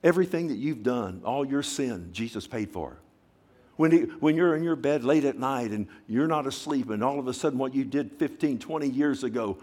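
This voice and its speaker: Male pastor mid-sermon, emphatic, swinging from loud bursts to hushed emphasis, calls for "amen". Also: mid-range voice, animated, moderate pace, breathy edge. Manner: emphatic preaching with call-and-response questions. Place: church service.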